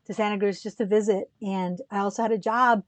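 A woman's voice: mid-range voice, a little fast, dry recording. A woman telling a personal story in a casual, rambling conversation on a podcast. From United States. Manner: animated, rambling with many restarts. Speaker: podcast co-host.

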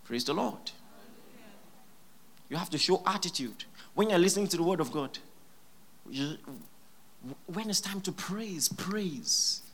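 A pastor preaching a sermon in church, emphatic and repeating key phrases, with sudden loud exclamations. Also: mid-range voice, lively intonation, a little slow, long pauses.

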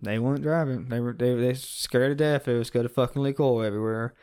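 Working guy swapping shop stories, swears a ton, says dude a lot, middle-pitched voice. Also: fairly quick, smooth. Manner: animated storyteller, heavy swearing, says "dude" often. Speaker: forklift mechanic. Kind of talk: casual profane chat.

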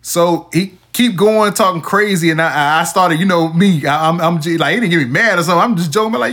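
A man's voice: high-pitched, fast, few pauses, fairly bright tone. A man hosting a podcast, casually telling a story and acting out the texts he quotes. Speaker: podcast host. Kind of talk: casual chat.

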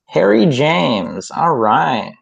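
A man hosting a casual podcast, reading questions briskly with quick playful quips, over a remote call. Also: on the high side, sing-song, vocal fry, slightly rough, highs cut off. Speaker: podcast host asking questions.

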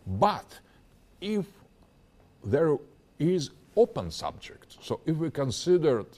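A man's voice: on the high side, very animated, darkish tone. A man giving a long answer in an interview, lecturing step by step and often stopping to search for words. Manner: halting, searching for words with frequent restarts; lecturing, building an argument step by step. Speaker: interview guest. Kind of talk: interview, extended explanation.

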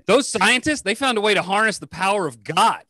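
A man doing a crude, profane stand-up comedy set, riffing fast. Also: high-pitched, lively intonation, pushed and bright, no echo.

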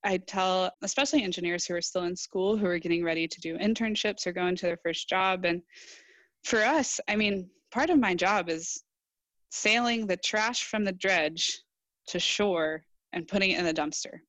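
A young woman engineer speaks as a podcast guest in a somewhat low voice. She answers earnestly and thoughtfully, acting out bits of past conversations. The sound is close and dry. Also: normal speed, a bit bright, no room sound. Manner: earnest, reflective, quotes herself in dialogue. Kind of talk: casual interview answers.

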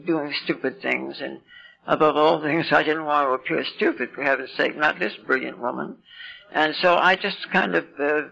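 An elderly woman in her eighties with a deeply gravelly voice and a bright, sharp edge tells her life story at a recovery meeting. She rambles and pokes fun at herself with wry asides. The sound is dull and lo-fi, like an old meeting tape. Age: 80s. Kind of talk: personal recovery story talk.

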